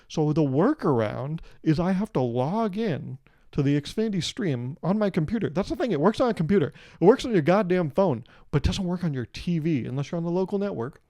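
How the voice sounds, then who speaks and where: A man's voice: fairly high pitch, lively intonation, brisk, mellow, dry recording, studio quality. A young man hosting his own podcast, rambling through a casual, profane and jokey monologue. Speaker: podcast host.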